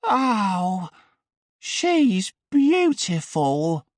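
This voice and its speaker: A man voicing a frightened male sloth in a shrill, squealing voice for an audiobook story. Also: big pitch swings, very slow, no echo, exaggerated voice. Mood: tender.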